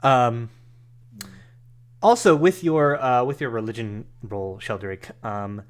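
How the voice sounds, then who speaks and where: A man's voice: medium pitch, takes it slowly. A man narrating a tabletop game as game master, rambling through his descriptions with many fillers and restarts.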